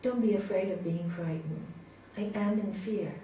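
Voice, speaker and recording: A woman teaching a spiritual yoga class in a gentle, chatty way, laughing often and acting out inner voices. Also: medium pitch, normal speed, slight background noise. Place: large hall. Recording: echoey hall from far off.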